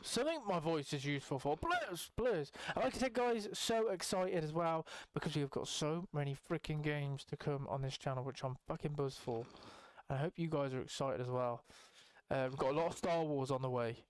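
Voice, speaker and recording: A young man giving casual, rambling let's-play commentary as a gaming channel host, excitable and swearing freely. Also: a little high, fairly quick, clear, resonant tone, no echo. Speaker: gaming YouTuber.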